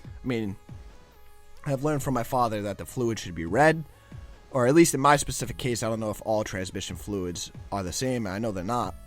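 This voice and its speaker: A man's voice: on the low side, normal speed, soft background music. A young man, a guest commentator, chatting casually over gameplay footage and stumbling over his words as he rambles.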